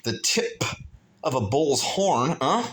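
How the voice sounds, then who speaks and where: A man's voice: medium pitch, animated, slow, a bit bright. A man on a pilgrimage talking to his phone camera in a hotel room, rambling and emotional as he thinks aloud. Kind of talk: rambling vlog monologue.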